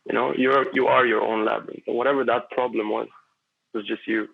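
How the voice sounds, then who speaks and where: Male podcast guest, mid pitch, rambling and reflective, gravelly, heard through a narrow phone-like line. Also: level tone, quick pace. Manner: rambling, philosophical, with many fillers and restarts. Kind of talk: casual conversation.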